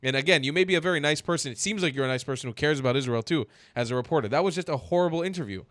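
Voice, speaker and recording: A man hosting a reaction commentary, blunt, joking and quick to swear. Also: fairly high pitch, a bit bright, dry recording, studio quality. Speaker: commentary host.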